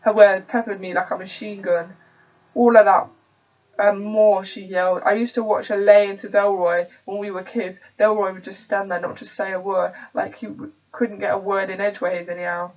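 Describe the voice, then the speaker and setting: A young woman from England, a theatre student, performing a solo dramatic monologue in a conversational storytelling way with sudden loud outbursts. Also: mid-range voice, little pitch movement, normal speed. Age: young adult. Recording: dull, distant home recording.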